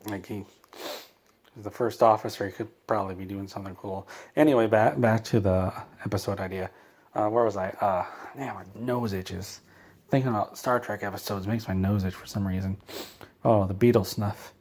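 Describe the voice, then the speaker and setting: A man with a fairly low voice tells a rambling comedic story. He drifts and interrupts himself, and his delivery stays dry and offhand. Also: steady tone, normal speed, darkish tone. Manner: meandering, self-interrupting, dry. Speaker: comedy channel host.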